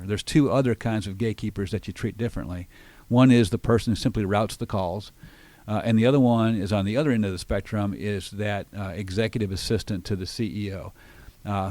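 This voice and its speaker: Brief: middle-aged male sales coach on radio, low voice, dry studio sound, confident and explanatory. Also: darkish tone, dry recording. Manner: confident, explanatory, acts out phone lines. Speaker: sales trainer and show host. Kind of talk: radio business talk, coaching. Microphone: studio microphone.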